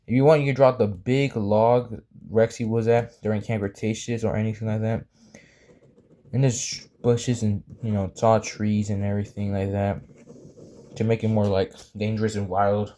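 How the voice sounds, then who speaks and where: A young man talks through a drawing tutorial in a relaxed, meandering way, with lots of ums and self-corrections. His voice sits a little low, with a warm, mellow tone. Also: moderate pace. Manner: rambling, apologetic, many fillers and restarts. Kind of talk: casual drawing tutorial chat.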